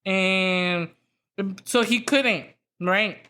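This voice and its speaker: A woman's voice: mid-range voice, extremely slow, bright, forceful tone, clean tone. A young adult woman hosting a podcast, telling a story in a casual, profane, rambling way full of fillers. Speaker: podcast host.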